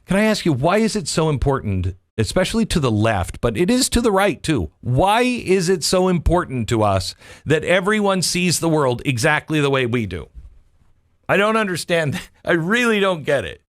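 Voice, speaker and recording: Animated man delivering political commentary. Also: a little high, normal speed, dry recording, studio quality. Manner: rhetorical, questioning, folksy asides. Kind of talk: opinion commentary monologue.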